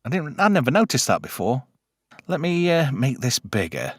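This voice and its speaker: A man's voice: mid-range voice, wildly swooping pitch, moderate pace, slightly rough, dry recording, clean studio sound. A man hosting a casual film chat, crude jokes and many fillers. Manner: chatty, crude joking, lots of fillers. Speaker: podcast host.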